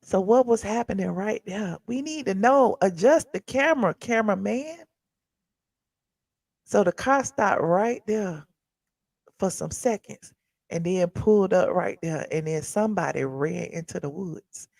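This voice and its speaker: A woman's voice: mid-range voice, expressive, unhurried, vocal fry, darkish tone, no echo, clean studio sound. A woman hosting a casual commentary show, chatting loosely and reacting to viewers and a video as she talks. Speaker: host of a pop culture commentary channel.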